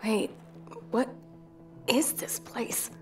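A woman's voice: on the high side, extremely slow, a little mellow, faint music behind. A woman voicing a nervous young female staff worker in a video game, uneasy and hesitant.

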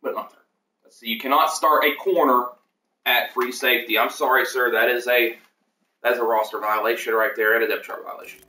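A man's voice: mid-range voice, steady tone, brisk, pushed and bright, far from the mic. A man hosting a casual livestream, rambling through team lineups with many fillers and self-corrections. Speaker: league host reviewing team depth charts. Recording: echoey room, voice off the mic.

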